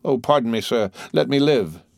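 A man's voice: medium pitch, animated, moderate pace, gravelly, no echo, voice pushed up. A man voicing a desperate, terrified woman accused of poisoning, stammering and pleading in a dry, close recording.

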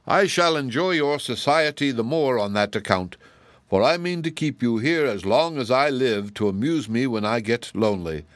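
A man's voice: mid-range voice, expressive, moderate pace, no room sound, pitched above the performer's own voice, natural voice. A man voicing a huge, falsely sweet giantess witch who talks in a mocking, self-assured way for a storybook reading. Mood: scornful.

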